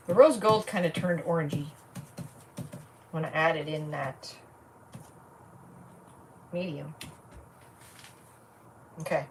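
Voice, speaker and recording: Recorded far from the mic with faint noise, a deep-voiced woman chats casually on a livestream, thinking aloud while she works on a craft project.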